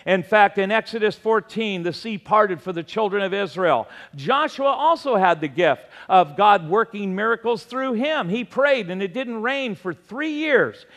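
A man's voice: high voice, expressive, measured pace, hardly any pauses, a bit bright. A man, a pastor, preaching a sermon earnestly and conversationally, telling stories and acting out the dialogue in them. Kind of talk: sermon storytelling. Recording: long reverb, large hall.

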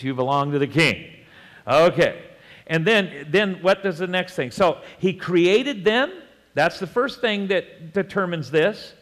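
A man preaching a sermon in a conversational way, with joking asides and chuckles and slow, deliberate scripture reading. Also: high-pitched, fairly bright tone, long reverb tail. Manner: reads scripture slowly and deliberately. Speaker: pastor.

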